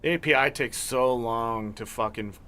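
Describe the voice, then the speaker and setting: A young man streams a video game, swearing and ranting in exasperation as he plays, offering casual commentary. His voice is mid-range with a sharp tone, at a moderate pace.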